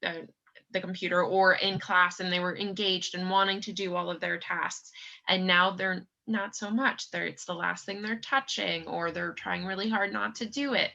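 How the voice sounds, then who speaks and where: A woman psychologist explaining calmly on a video call panel. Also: lowish voice, normal speed, vocal fry, highs cut off. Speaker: psychologist guest.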